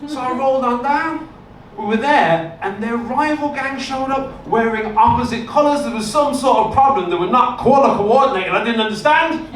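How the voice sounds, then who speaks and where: A male stand-up comic with a high voice performs a set on a comedy club stage before a live audience, telling deadpan stories with punchlines at normal speed. The recording is echoey, with a distant mic and room noise.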